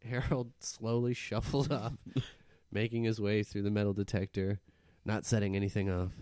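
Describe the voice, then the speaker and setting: A man's voice: on the low side, level tone, moderate pace, a little mellow, clean tone, no room sound, studio quality. Wry man narrating a comedy bit. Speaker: comedy podcast host.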